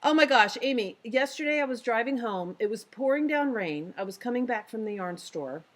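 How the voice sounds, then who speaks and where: A woman co-hosting a casual podcast chat, talking in a chatty, animated way with lots of fillers. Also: a little high, moderate pace. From San Diego, US. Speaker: podcast co-host.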